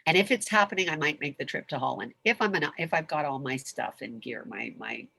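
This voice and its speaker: A woman's voice: sits low, lively intonation, brisk, gravelly, pushed and bright, no echo. A woman speaking as a convention guest, heartfelt and gushing, often laughing as she talks. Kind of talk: emotional Q&A talk.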